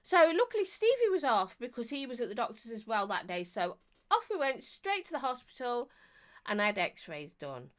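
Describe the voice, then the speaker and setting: Croaky, chatty woman streamer. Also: fairly high pitch, sing-song, moderate pace. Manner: chatty, self-mocking, greets viewers warmly. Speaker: live-stream vape reviewer. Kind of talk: casual live-stream chat.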